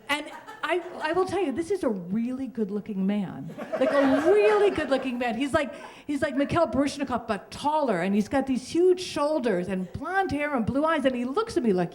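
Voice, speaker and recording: A woman's voice: high voice, animated, normal speed, darkish tone. A middle-aged woman telling a personal story on stage at a live story slam, chatty and self-deprecating, laughing through her lines.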